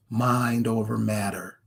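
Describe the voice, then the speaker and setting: A man's voice: lowish voice, gravelly, slightly rough. A man delivering a confrontational commentary, firing rhetorical questions straight at the viewer. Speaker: online commentator. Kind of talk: ranting commentary to camera.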